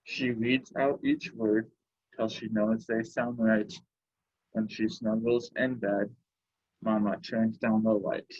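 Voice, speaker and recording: Slow, husky-voiced man reading aloud. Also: lowish voice, level tone, a little mellow, dull audio. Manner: slow, unhurried reading with short personal comments. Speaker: library story time reader. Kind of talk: reading picture books aloud to children.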